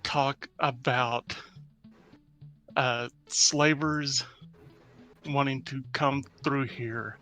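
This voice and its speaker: A man playing a tabletop game, describing his character's actions in a halting, deliberate way. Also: mid-range voice, fairly even intonation, bright, forceful tone, soft background music. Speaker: player.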